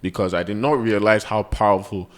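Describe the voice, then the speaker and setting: A young man, speaking in a fairly low voice. He co-hosts a casual podcast chat and tells rambling, animated stories packed with "like". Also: fairly quick. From Nigeria. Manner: rambling, animated, heavy use of "like". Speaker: podcast co-host.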